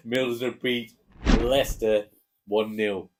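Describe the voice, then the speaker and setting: Relaxed English dad chatting football. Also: male voice, mid-range voice, slow pace. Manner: relaxed, hesitant with fillers, chuckling. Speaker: co-host giving match predictions. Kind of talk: casual chat.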